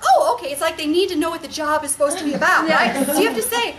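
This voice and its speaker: A woman hosting a casual faith-based chat, gentle and earnest, laughing through her stories. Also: high voice, lively intonation, fast talker, few pauses, far from the mic, over a noisy crowd, rough recording.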